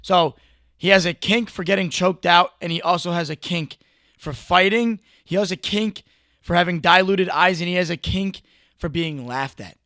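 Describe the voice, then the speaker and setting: A young man giving casual, mocking reaction commentary, riffing excitably with lots of "like" and "bro". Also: high voice, normal speed, no room sound, studio quality. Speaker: commentary video host.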